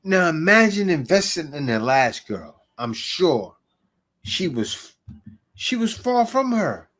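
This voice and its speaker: A man's voice: a little high, sing-song, takes it slowly, fairly bright tone. A man hosting a reaction video, giving blunt, joking commentary and laughing often. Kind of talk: casual commentary.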